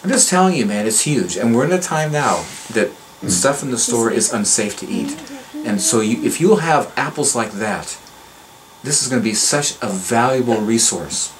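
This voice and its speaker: A man's voice: medium pitch, expressive, normal speed, a little hiss or hum, poor audio. An older man telling stories on a garden tour, enthusiastic and preachy, repeating and restarting his words. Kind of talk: casual storytelling. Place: outdoor garden.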